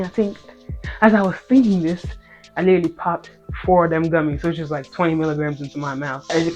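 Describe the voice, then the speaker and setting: A content creator in their twenties, with a mid-range voice, tells a casual story and then moves into a Bible talk, bantering with viewers in a playful, slangy way. They're animated, swinging between loud outbursts and hushed asides, with faint music in the background.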